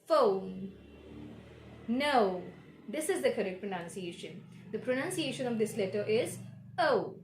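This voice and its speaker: Woman, teaching pronunciation, fairly high voice, echoey room. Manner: slow, deliberate, modeling sounds. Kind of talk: pronunciation lesson.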